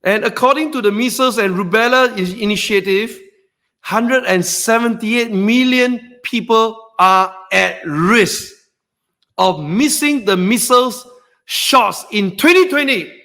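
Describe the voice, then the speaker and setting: A man with a very high, bright voice hosts a trading webinar like a motivational speaker. He whoops and shouts to hype up his points, then drops into a low, earnest tone for the serious parts. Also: slow. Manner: excitable, shouts and whoops for emphasis. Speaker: stock trading webinar host.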